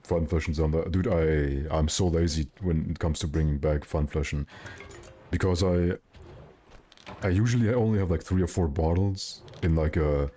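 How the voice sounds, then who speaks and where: Streamer dude, low mellow voice, rambly and jokey, keeps correcting himself. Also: male voice, normal speed, a little hiss or hum. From Germany. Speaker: game streamer. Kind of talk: casual livestream chat.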